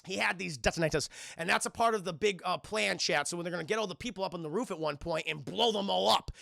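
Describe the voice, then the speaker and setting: A man gives a profane, animated movie recap to his live chat. His voice sits high and sounds strongly gravelly and bright. The recording is dry and close. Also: quick pace, dry recording. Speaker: streamer and film reviewer.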